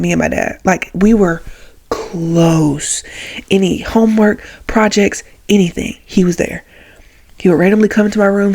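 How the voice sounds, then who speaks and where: A woman's voice: mid-range voice, a little mellow. A young woman in her twenties shares family memories in a casual storytelling vlog. Her mid-range voice is chatty and full of fillers. She sounds tearful and emotional as she speaks. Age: 20s. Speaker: vlogger.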